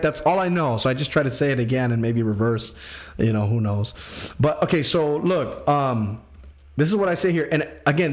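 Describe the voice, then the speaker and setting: A man hosting a casual livestream as a music producer, joking and rambling in slangy talk full of fillers. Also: fairly high pitch. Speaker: music producer streaming feedback. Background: music playing.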